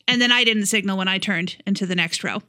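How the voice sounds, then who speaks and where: A woman's voice: medium pitch, brisk, bright, forceful tone, dry recording, clean studio sound. A woman co-hosting a podcast, telling a story bluntly in casual chat with plenty of swearing. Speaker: podcast co-host.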